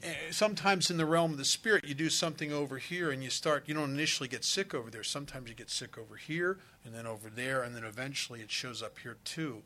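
A man's voice: mid-range voice, quick pace, hardly any pauses, bright, forceful tone. A middle-aged man telling a candid, confessional recovery story at a meeting. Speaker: recovering alcoholic sharing his story.

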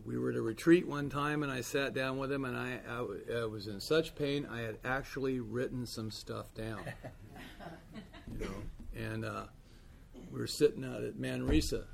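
A man's voice: mid-range voice, vocal fry, a little hiss or hum. A man giving a candid, wry personal share at a recovery meeting, telling his story with dry humor.

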